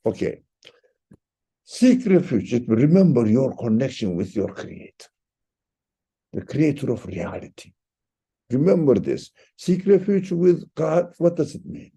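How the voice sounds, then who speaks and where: Slow gravelly-voiced male religious teacher. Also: medium pitch, wildly swooping pitch, warm tone. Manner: halting, repeats words, rises sharply for emphasis. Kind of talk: reflective religious lesson.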